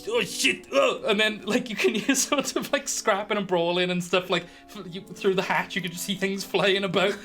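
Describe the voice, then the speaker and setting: A man's voice: high voice, moderate pace, few pauses, a bit bright, soft background music. A British man narrating a tabletop game as dungeon master, often laughing at his own scenes.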